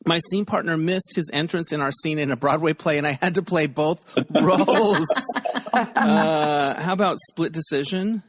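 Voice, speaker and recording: A man hosting a podcast game over a video call, upbeat and quick with puns, laughing often. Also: fairly high pitch. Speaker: podcast host.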